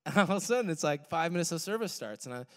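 A young man telling a personal story in a sermon, animated, swinging from loud to hushed. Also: on the high side, very fast. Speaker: worship pastor. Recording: long hall reverb.

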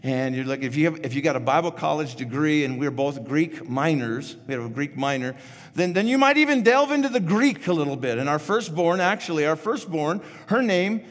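A man's voice: on the high side, a little fast. A man in his fifties preaching a sermon as pastor, casual and rambling with frequent restarts. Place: church sanctuary. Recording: echoey church hall.

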